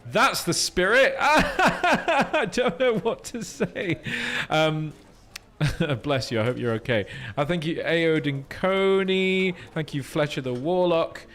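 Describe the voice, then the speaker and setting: A man's voice: on the high side, very animated, slow, a bit bright. A man streaming a game in a small room full of screens, rambling casually to chat with self-mocking jokes.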